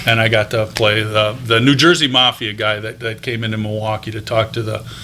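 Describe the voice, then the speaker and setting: This is a man in his fifties guesting on an interview show, recounting how he moved from teaching into voice and on-camera acting. His voice is bright and forward. He rambles in a friendly, anecdotal way, with plenty of fillers and restarts. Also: lowish voice, little pitch movement, brisk, slight background noise. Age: 50s. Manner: chatty anecdotal telling with frequent ums and restarts. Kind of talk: casual interview storytelling.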